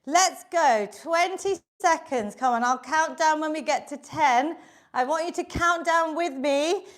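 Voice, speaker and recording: A woman's voice: sits high, a little slow. A British woman leading a live online exercise class, upbeat and encouraging, counting down reps and a little out of breath. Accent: British English. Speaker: fitness instructor. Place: home workout room.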